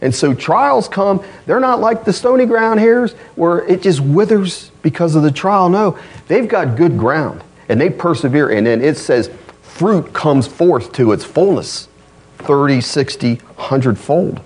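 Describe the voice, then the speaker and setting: A man preaching a sermon in a conversational way, acting out quoted voices and moving between loud emphasis and quiet, low asides. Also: animated, measured pace, breathy edge. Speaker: pastor.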